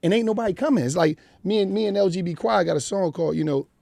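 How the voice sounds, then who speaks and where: This middle-aged Philadelphian, guesting on a studio radio show, talks fast in a high-pitched, mellow voice with vocal fry and no echo. His candid interview chat is blunt, profane street storytelling.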